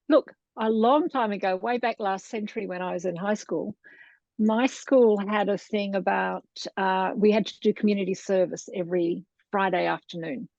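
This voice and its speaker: A woman's voice: medium pitch, moderate pace, vocal fry, a little mellow, no room sound. A middle-aged Australian woman telling her story in a casual interview, chatty and wandering, laughing often. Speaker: guest, Montessori lecturer. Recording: dull, dry lo-fi sound.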